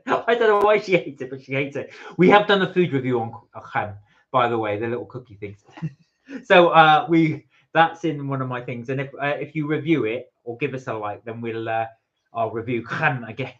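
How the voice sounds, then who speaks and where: A man's voice: mid-range voice, animated, normal speed, fairly bright tone, highs cut off. A man co-hosting a casual live stream from home, chatty and jokey as he reads out viewer comments. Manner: chatty and jokey, laughing often. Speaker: livestream co-host reading viewer comments.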